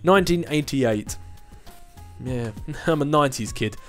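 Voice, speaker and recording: Speaking a little slowly in a slightly high, animated voice, a man in his twenties answers viewer questions on his YouTube channel. The relaxed Q&A is rambling, with frequent restarts and laughter, and faint music can be heard behind him.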